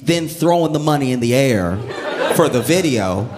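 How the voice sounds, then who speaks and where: Animated man doing stand-up. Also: medium pitch, normal speed, crowd noise, background noise. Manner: animated storytelling with laughter. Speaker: stand-up comedian. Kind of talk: stand-up comedy bit.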